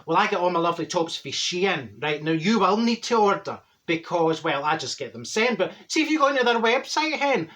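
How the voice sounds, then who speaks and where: A man's voice: sits high, very animated, fairly quick, few pauses, a bit bright. A man playing a brash, straight-talking middle-aged Glaswegian woman who tells a rambling comic story full of mixed-up sayings. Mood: gossipy. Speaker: comic character monologue. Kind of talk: comedic character monologue.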